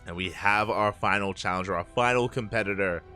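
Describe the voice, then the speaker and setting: A man with a lowish voice calls a live match in the small hours, worn out and slurring his words a little. He chats away with the audience and keeps repeating his hype catchphrases. Soft music plays faintly underneath. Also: a little fast. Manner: chatty, hypes with repeated catchphrases. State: tired, late at night. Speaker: esports caster. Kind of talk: live game commentary.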